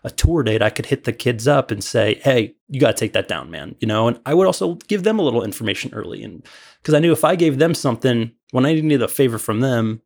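A man's voice: medium pitch, expressive, fast talker, vocal fry. A man from Illinois telling a long, rambling story as a podcast guest, full of fillers and restarts. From Illinois, USA. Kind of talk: casual storytelling.

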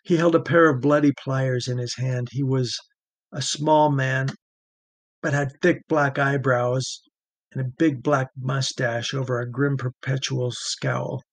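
A man giving steady, measured audiobook narration of a thriller. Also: medium pitch, no echo.

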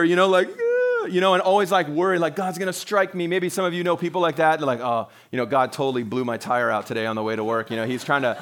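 Male pastor, middle-aged, high voice, chatty sermon delivery that slips into quick voiced asides. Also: a bit bright. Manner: conversational, acts out quotes in little voices.

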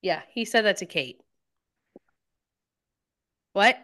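A woman in casual podcast chat, recapping a show with animated retellings and quoted lines. Her voice sits in a middle pitch range, and she keeps a loose, conversational rhythm. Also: slow. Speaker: podcast co-host.

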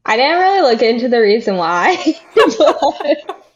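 A woman co-hosting a casual chat show, telling stories in a loose, rambling way full of fillers and little laughs. Her voice sits a little high, and the recording is a touch dull and lo-fi. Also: very animated, fairly quick. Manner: giggly, rambling storyteller with many fillers. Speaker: podcast co-host.

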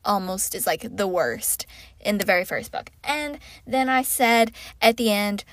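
A woman's voice: mid-range voice, animated, unhurried, no echo. A young woman casually chatting as she reviews books, rambling with lots of fillers. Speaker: book reviewer. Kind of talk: casual chat.

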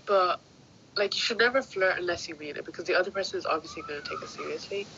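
A woman's voice: on the low side, animated, fast talker, bright, forceful tone. A woman chatting casually, telling blunt stories in an indignant tone. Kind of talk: casual chat. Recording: muffled recording with clear background noise.

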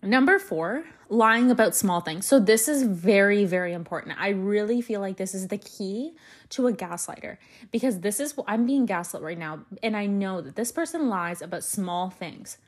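A woman's voice: mid-range voice, moderate pace. A young woman hosting a solo podcast, venting angrily and swearing heavily as she tells a story and walks through a list. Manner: angry, heavy swearing, animated storytelling. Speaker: podcast host.

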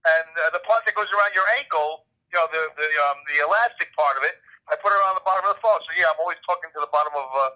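A man's voice: fairly high pitch, very fast, bright, forceful tone. A man talking by phone from his car, a self-deprecating joker who halts with many ums. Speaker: podcast guest. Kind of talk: casual chat. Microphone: phone headset. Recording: tinny phone line.

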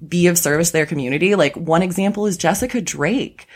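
A woman's voice: on the low side, fast. A woman guest on a podcast, talking in a blunt, passionate way and swearing freely. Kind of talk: casual chat.

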